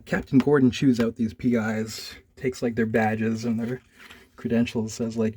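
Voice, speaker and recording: A laid-back young man talks through a comic he is reading, rambling and loose. His voice is husky and sits at an ordinary pitch, and he fills his talk with "like" and "man". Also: a little slow. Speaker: comic book reviewer. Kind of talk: casual comic reading and review.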